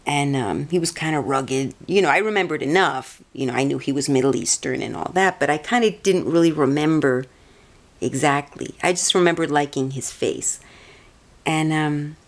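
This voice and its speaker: A rambling, chatty woman with a notably low-pitched voice. She tells a personal story casually and keeps doubling back and restarting her sentences. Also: normal speed. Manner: meandering, chatty, many restarts. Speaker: vlogger.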